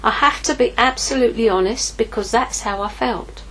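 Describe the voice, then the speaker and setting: A woman's voice: on the high side, brisk, hardly any pauses, a bit bright, husky, low-quality recording. A middle-aged woman giving an informal sermon, telling a personal story candidly and acting out her own inner dialogue. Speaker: ministry leader preaching.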